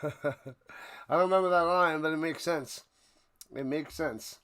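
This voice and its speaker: A man's voice: a little high, unhurried, clear, resonant tone. Chatty man calling livestream play-by-play. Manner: chatty, jokey, excitable asides. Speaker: watch party host.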